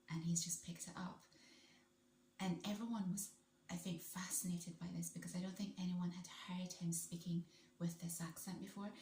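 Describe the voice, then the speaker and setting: A woman's voice: lowish voice, darkish tone, reverberant, a little hiss or hum. A woman vlogging in casual, enthusiastic chat, rambling a little as she goes. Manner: chatty, enthusiastic, rambling with restarts.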